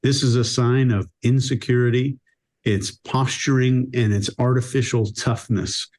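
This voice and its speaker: A man's voice: mid-range voice, steady tone, measured pace, a little mellow. Methodical male panelist. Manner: methodical, lists points in order. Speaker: body language panelist. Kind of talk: casual panel discussion.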